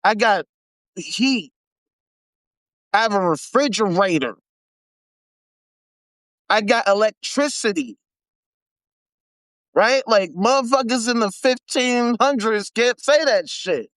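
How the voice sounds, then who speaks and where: A man from the United States hosting a live stream, talking in a casual, animated, heavily profane and slangy rant, often repeating himself for emphasis. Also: sits high, slow pace, pauses often, no echo. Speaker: host.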